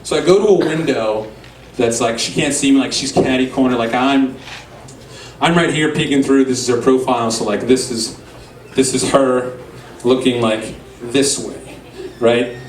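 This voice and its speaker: A stand-up comedian from Louisiana, telling crude, animated stories on a bar stage before a live audience. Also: male voice, mid-range voice, moderate pace, a little hiss or hum. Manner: animated, crude, filler-heavy delivery. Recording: echoey room, far mic, audience.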